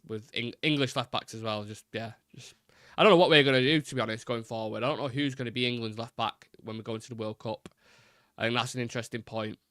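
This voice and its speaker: A man's voice: mid-range voice, sharp tone, dry recording, studio quality. A man hosting a live football fan stream, chatting casually and rambling, swearing now and then.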